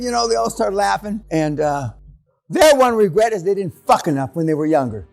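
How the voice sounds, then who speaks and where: A man's voice: high voice, animated, brisk, vocal fry, a little mellow, soft background music. An older man giving a seminar, telling stories in a blunt, crude, swearing way in a large room. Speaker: seminar speaker. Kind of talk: profane seminar storytelling.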